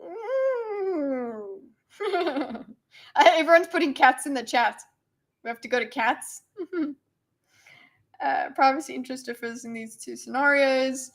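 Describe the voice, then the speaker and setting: A South African woman streams casual commentary on a debate. Her voice sits a bit high, and her delivery rambles, playful and quick to giggle. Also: fairly bright tone, poor audio.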